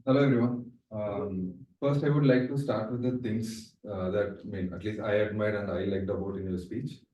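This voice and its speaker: Man, low mellow voice, hesitant evaluator, echoey room from a distant mic. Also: steady tone, normal speed, lo-fi sound. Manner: hesitant, many fillers. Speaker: speech evaluator. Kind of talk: club speech evaluation.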